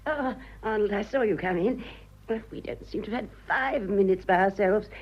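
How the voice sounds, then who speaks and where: A woman's voice: mid-range voice, normal speed, natural voice. A gushing, whimsical English society mother, as a woman acts her out in an old radio play. Her voice sits mid-range and is heard through a dull, muffled broadcast. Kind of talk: 1940s radio acting.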